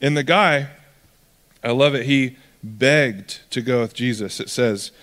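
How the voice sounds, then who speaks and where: A male pastor preaching a sermon in a relaxed, conversational storytelling way, often acting out the voices of people in his stories. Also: mid-range voice, measured pace, in a large hall.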